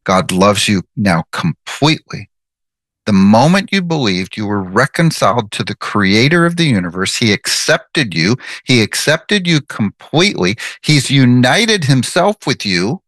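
A man's voice: medium pitch, big pitch swings, normal speed, a bit bright, no room sound. A man giving devotional Bible teaching, earnest and emphatic, repeating his key phrases.

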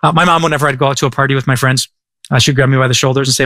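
A man's voice: medium pitch, steady tone, rapid-fire, pushed and bright, dry recording. A man preaching a sermon as a pastor, in a casual, joking, conversational storytelling manner.

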